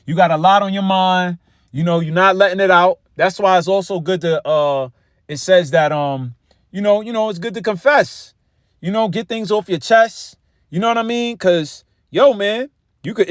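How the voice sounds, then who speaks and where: A man's voice: sits high, no room sound, studio quality. A man preaching in a loose, conversational way, full of cursing and repeated words. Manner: profane, repetitive, conversational. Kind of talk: street-style Bible teaching.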